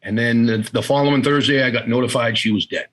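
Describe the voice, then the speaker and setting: A middle-aged man speaks with a husky, slightly breathy voice at a medium pitch. He talks as an interview guest, telling a personal story in a halting way, repeating words and acting out what his family said. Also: steady tone, fairly bright tone, poor audio.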